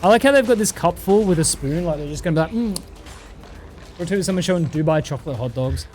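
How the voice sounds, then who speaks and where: A young Australian man streaming a game, chatting casually, swearing often and reading chat, over clear background music. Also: on the high side, lively intonation, fast talker, darkish tone. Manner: laid-back, swears often, reads chat.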